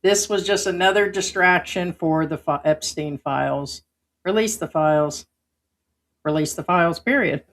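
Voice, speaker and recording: A woman's voice: fairly low pitch, normal speed, a bit bright. A woman hosting a livestream who reads viewer comments aloud and answers them in an emphatic, indignant way. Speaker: livestream host. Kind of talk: live chat commentary.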